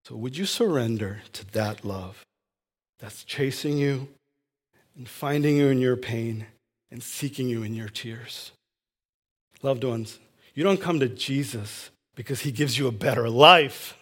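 A male pastor delivering a sermon with real passion. His voice climbs and swells on emphatic lines, then drops to a near hush for tender moments. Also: medium pitch, measured pace, slightly rough. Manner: impassioned, swings from loud to hushed.

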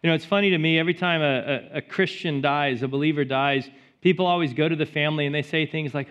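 A man preaching a sermon as pastor, rising to loud emphatic peaks and dropping to soft, hushed storytelling. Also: a little high, fast, smooth. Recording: slightly dull sound with faint music behind.

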